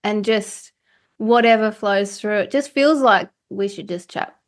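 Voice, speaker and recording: A woman's voice: medium pitch, unhurried. A woman hosting a podcast in casual chat, playful and laughing often. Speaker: podcast host.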